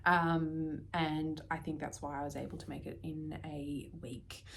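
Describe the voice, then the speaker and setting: An Australian woman vlogging casually about her knitting, chatty and prone to dropping into soft, near-whispered asides. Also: sits low, level tone, unhurried, creaky, slight background noise. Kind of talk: casual chat.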